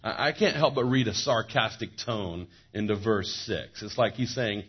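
A male pastor with a very low, husky voice, preaching with animated emphasis and joking asides and often repeating his words. The sound is dull and muffled, like a lo-fi sermon recording. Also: normal speed, few pauses.

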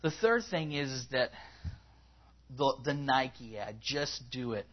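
A man's voice: expressive, takes it slowly. Man preaching a casual sermon, lo-fi. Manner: conversational, rising in pitch when acting out quotes. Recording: slightly dull, lo-fi recording.

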